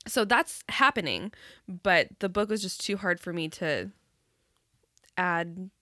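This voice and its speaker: A young adult woman co-hosting a podcast in casual chat, laughing easily and giving quick short replies. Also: on the low side, lively intonation, pushed and bright, dry recording, clean studio sound. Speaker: podcast co-host.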